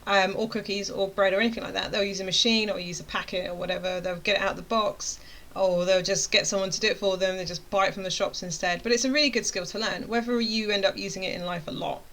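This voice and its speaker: A woman's voice: mid-range voice, fairly even intonation, fast, a bit bright. A woman in her thirties, a course creator, telling a chatty story to camera and acting out her own reactions. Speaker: web design course creator.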